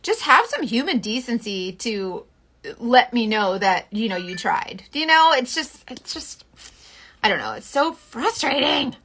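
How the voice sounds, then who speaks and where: A talkative woman from Florida vents to her viewers while doing her makeup live. Her voice sits a little high and sounds bright and clear. She rambles in casual asides. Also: a little slow. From Florida, USA. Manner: chatty, venting, animated, swears. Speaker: makeup seller livestreaming. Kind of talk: casual livestream chat.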